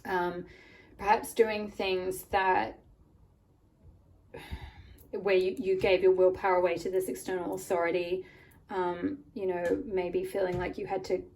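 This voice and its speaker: A woman with a croaky voice from a cold, giving a rambling pick-a-card tarot reading full of "like" and "um". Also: lowish voice, little pitch movement, unhurried, long pauses, a little mellow. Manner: rambling, many "like" and "um" fillers. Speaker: tarot reader. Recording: voice a bit far from the mic, faint room noise.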